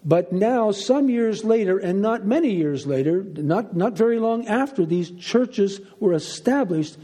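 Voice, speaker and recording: A man's voice: high voice, expressive, a little slow, warm tone. A middle-aged man teaching the Bible emphatically, asking rhetorical questions and repeating key phrases.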